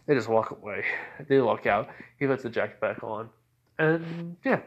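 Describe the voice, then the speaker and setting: A man at an ordinary, middle pitch tells a story in a loose, unscripted way. He rambles and restarts, and he leans again and again on fillers like "basically" and "you know". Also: lively intonation, normal speed, lo-fi sound, a little hiss or hum.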